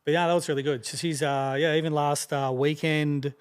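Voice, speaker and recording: Fast-talking Australian man in his fifties. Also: on the high side, flat delivery, clear, resonant tone. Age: 50s. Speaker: rapper guest. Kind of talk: casual chat.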